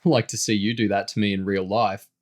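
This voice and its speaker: A man's voice: on the low side, flat delivery, fairly quick, lightly acted. A man reading a story aloud, voicing a cocky teenage boy who teases his friends and gets defensive about his deals. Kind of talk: audiobook character voice.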